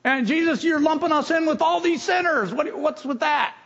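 Whiny, self-righteous religious leaders complain in a raised, nasal-edged tone, as a man puts them on. The voice is high and the recording sounds dull. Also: moderate pace, a bit bright. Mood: whining.

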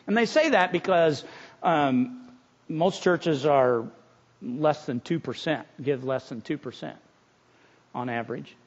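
Earnest, high-voiced preacher. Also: male voice, measured pace, lo-fi sound. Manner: earnest, conversational preaching with restarts. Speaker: pastor. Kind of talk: sermon.

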